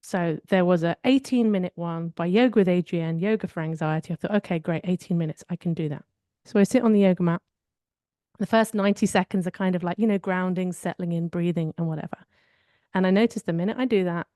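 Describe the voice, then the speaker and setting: A woman's voice: lowish voice, fast, mellow, dry recording, clean studio sound. A woman co-hosting a podcast, telling personal stories in a candid, reflective way during a casual chat. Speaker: podcast co-host.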